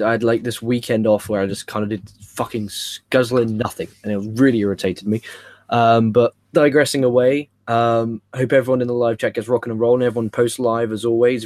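A young man talks with loose, tumbling energy, swearing as he goes. His voice sits at an ordinary middle pitch, and the sound is dry and close with little room around it. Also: no room sound. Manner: animated, rambling, swears freely. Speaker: podcast co-host. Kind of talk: casual wrestling review chat.

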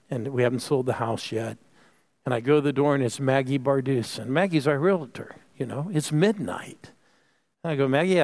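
Gravelly pastor preaching a story. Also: male voice, medium pitch. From Phoenix, United States. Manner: call-and-response preaching, storytelling. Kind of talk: sermon.

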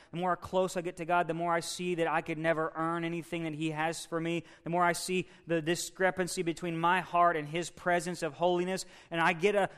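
Resonant preacher man. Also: clean tone. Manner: preaching, builds from low and measured to loud and excited. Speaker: pastor. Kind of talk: sermon.

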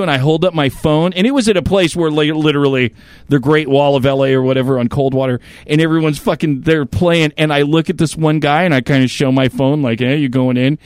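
A man hosting a podcast, telling animated stories in casual chat and swearing a lot. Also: on the high side, clear, resonant tone, dry recording, studio quality. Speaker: podcast host.

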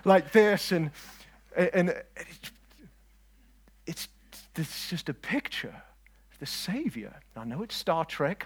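A man preaching a lively sermon, swinging between loud declarations and quiet asides and joking with his listeners. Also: on the high side, normal speed. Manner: jokes with the audience.

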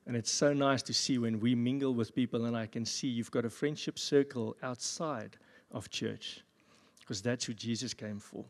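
A man pastor giving a sermon at a church service, with jokey, animated asides. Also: mid-range voice, moderate pace. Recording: long reverb of a church hall.

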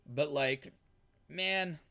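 A man's voice: fairly high pitch, very slow, bright, forceful tone. A man in casual chat, blunt and swearing, who laughs along.

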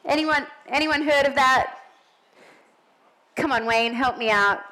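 In a church, a middle-aged woman with a non-American English accent preaches a chatty sermon full of joking asides. Her voice is high, bright and forceful, her pace unhurried, and the audio poor.

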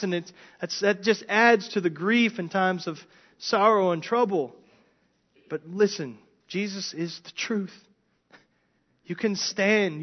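A pastor preaching a sermon in an earnest way, often repeating words as he builds his points. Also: high voice. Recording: dull lo-fi sermon recording.

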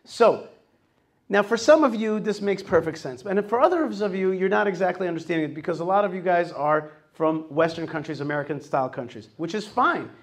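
Male host, fairly high voice, animated delivery, jokes with a live crowd in a hall. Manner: animated, jokes with the audience and acts out quoted voices. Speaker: host giving a talk to a live audience. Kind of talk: lively public talk.

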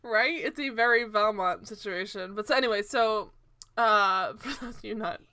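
A woman's voice: medium pitch, moderate pace, dry recording, clean studio sound. A young woman co-hosting a podcast, chatting casually and animatedly about a sitcom, often laughing and going off on tangents. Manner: animated, laughing, rambling with digressions. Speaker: podcast co-host. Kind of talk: casual chat recapping a sitcom.

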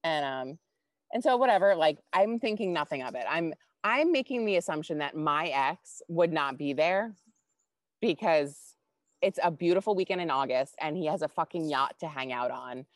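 Low-voiced woman telling a candid story. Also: moderate pace, no room sound. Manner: animated, candid, swears freely. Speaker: podcast co-host. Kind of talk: casual chat, personal storytelling.

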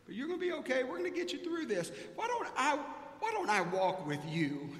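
A cheerful woman at a daycare gives a soothing, coaxing pep talk, as a man puts her on in a high, lilting voice. Her voice rings out in an echoey hall. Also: very animated, brisk, a bit bright, heavily acted. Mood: reassuring.

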